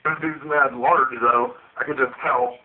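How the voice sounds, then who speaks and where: A man's voice: medium pitch, steady tone, measured pace. A man trading crude mocking insults in a voice chat roast, laughing at his own jokes. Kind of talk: trash-talk roast over voice chat. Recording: tinny phone-like voice chat with faint noise.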